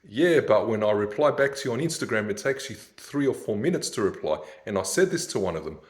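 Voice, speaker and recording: A man's voice: lowish voice, very animated, fast talker. A man, ranting in a rambling, sardonic monologue and laughing at his own jokes. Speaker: vlogger.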